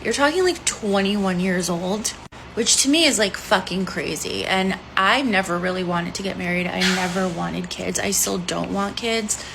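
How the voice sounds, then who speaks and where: Gravelly-voiced woman in her forties. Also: mid-range voice, normal speed, background noise. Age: 40s. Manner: frank, blunt storytelling. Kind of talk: candid vlog monologue.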